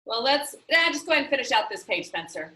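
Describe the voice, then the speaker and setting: High bright-voiced teacher explaining patiently. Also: female voice, very animated, quick pace, poor audio. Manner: patient, explaining step by step with frequent "okay?" and "um". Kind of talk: online class instruction.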